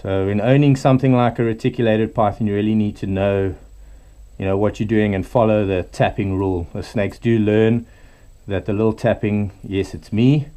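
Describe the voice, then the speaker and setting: A middle-aged man speaks in a fairly low, mellow voice, relaxed and casual as he explains how he handles a large snake. He sometimes drops to a soft murmur while talking to the animal. The tone stays easygoing and practical, like a keeper showing his work. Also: normal speed. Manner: relaxed, talks softly to the snake. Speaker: reptile keeper. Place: indoors at a snake enclosure.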